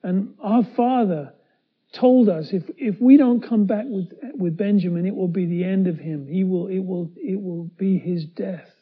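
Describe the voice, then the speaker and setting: A high-pitched man preaching a sermon and retelling a scripture story. He acts out the characters, going from loud to hushed. The recording sounds a little dull. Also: a little slow, slightly rough. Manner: dramatic, voicing the characters with swings from loud to hushed.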